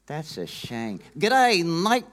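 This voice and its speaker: A man's voice: mid-range voice, lively intonation, normal speed, a bit bright, pitched above the performer's own voice, natural voice. A preacher voicing Junior, a cheeky wisecracking boy puppet sidekick who teases and tries out a fake Australian greeting. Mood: teasing.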